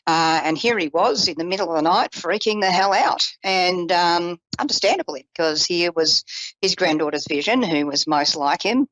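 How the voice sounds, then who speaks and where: A woman psychic telling a personal story in an animated, casual way, with self-deprecating asides, acting out the voices she quotes. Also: on the low side, normal speed, no room sound, poor audio. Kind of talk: storytelling on a call-in psychic show.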